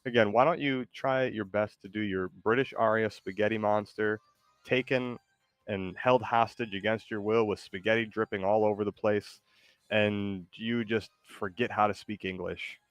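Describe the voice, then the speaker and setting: A man's voice: fairly low pitch, steady tone, normal speed, no echo. A man hosting a stream in casual chat, rambling and hesitant with lots of fillers. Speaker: streamer host.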